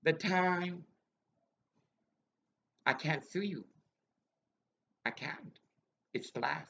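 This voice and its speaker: A woman's voice: low voice, drawn-out words, creaky, fairly bright tone, muffled recording. A woman ranting angrily and bitterly in a rambling monologue that jumps between accusations.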